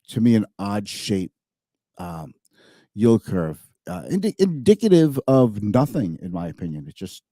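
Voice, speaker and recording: A man's voice: fairly low pitch, dark tone, dry recording, clean studio sound. A man hosting a finance show, giving casual market commentary in a chatty, thinking-aloud way and often correcting himself mid-sentence.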